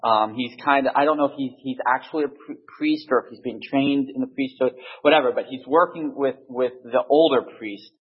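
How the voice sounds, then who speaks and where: A man telling a story casually to a group, halting and restarting often, on a dull lo-fi recording. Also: mid-range voice, husky. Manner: halting, many restarts and fillers. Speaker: speaker in a group discussion.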